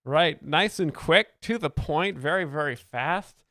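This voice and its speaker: A man hosting a satirical commentary video, talking in a deadpan, mock-earnest way with many fillers. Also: fairly high pitch, unhurried, over a noisy crowd, very noisy. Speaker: comedy video host.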